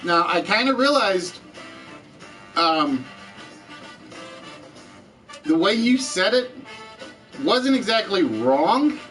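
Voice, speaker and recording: A man's voice: high voice, very animated, extremely slow, pauses often, a bit bright, faint music behind, low-quality recording. A man with a Southern US accent hosting a live-streamed trivia game show, chatting with viewers and answering their comments as he goes.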